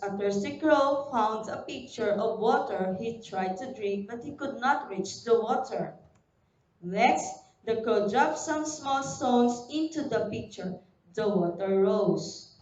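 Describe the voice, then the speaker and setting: A woman's voice: on the high side, darkish tone. A woman from the Philippines with a Filipino accent, teaching a recorded lesson to young pupils and spelling words out letter by letter. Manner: slow, deliberate classroom delivery, spelling words letter by letter. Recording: dull, roomy sound, voice a bit far from the mic.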